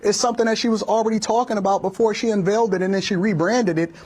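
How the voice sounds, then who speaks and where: A man's voice: high voice, steady tone, quick pace, darkish tone. A man giving heated political commentary, emphatic and hammering points by repeating them. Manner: emphatic, repeats phrases for force.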